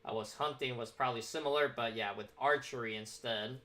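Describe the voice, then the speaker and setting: A man's voice: mid-range voice, brisk, sharp tone. A man streaming a game, casually thinking aloud as he picks character options. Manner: musing, thinks aloud while choosing options. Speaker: gaming streamer. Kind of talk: casual gameplay commentary.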